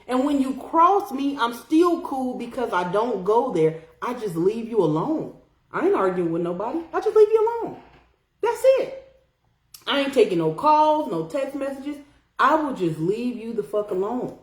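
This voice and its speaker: With a voice on the high side and a roomy sound, this young woman runs a podcast, reading out live chat comments. She chats casually, bluntly and profanely, with lots of animation.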